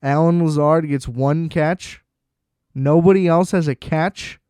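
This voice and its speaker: A man hosting a podcast rants about football, blunt, profane, and sarcastic in his sports commentary. His voice is a little high, warm, and smooth, and he takes it slowly. The recording is dry and studio quality.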